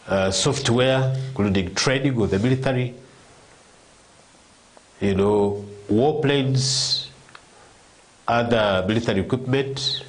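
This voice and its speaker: A man, explaining world affairs at length as a commentator on a live talk show, with frequent restarts and repeated words. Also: on the low side.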